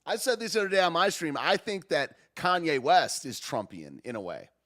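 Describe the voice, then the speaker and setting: Animated, rambling podcast host man. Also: fairly high pitch, normal speed. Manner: excitable and rambling, lots of 'dude' and 'man', laughs often. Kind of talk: casual live-stream commentary.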